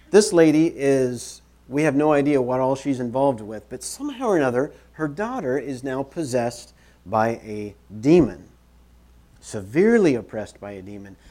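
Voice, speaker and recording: A man preaching a sermon in church, conversational and animated, repeating phrases for emphasis as he moves about. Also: medium pitch. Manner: moves around while preaching. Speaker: pastor.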